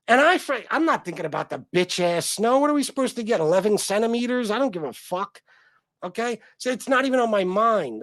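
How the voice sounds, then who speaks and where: A middle-aged man from North Carolina hosts a profane livestream rant, his voice sitting a little high for a man. He flares into loud outbursts, then drops to low grumbling mutters. The sound is dry and close, with no room echo. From North Carolina, USA. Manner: angry, sweary, swings between loud outbursts and low mutters. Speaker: livestream host. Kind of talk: profane ranting livestream talk.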